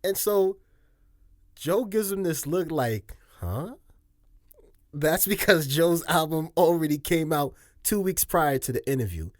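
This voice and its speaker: A man's voice: fairly high pitch, animated, unhurried, no room sound, clean studio sound. A man giving casual video commentary, chatty, laughing often, with slangy asides.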